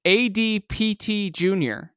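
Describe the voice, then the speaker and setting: A man co-hosting a sports podcast, reading out thanks with playful, drawn-out jokes. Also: high-pitched, a bit bright, smooth, no echo, clean studio sound. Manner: playful, drawn-out joking delivery. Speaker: podcast co-host. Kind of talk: casual sports podcast chat.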